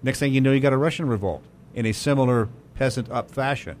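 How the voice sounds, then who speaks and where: Fast-talking chatty radio host man. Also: medium pitch, slight background noise. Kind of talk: casual talk radio chat.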